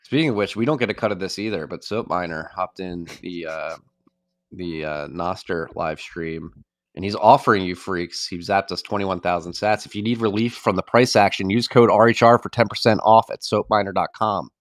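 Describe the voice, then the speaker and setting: A man's voice: low voice, normal speed, no room sound, studio quality. A man co-hosting a podcast in casual, joking banter, reading promo codes and teasing his co-host. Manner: laid-back, joking, reads ad codes.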